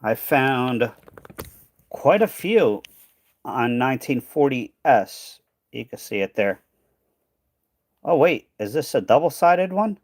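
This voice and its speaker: Medium in pitch with big swings, a little mellow, and slow with long pauses, this man is recorded dry. He hosts a coin hunting stream, chatting casually as he sorts coins, thinking aloud, trailing off, tired and losing his voice.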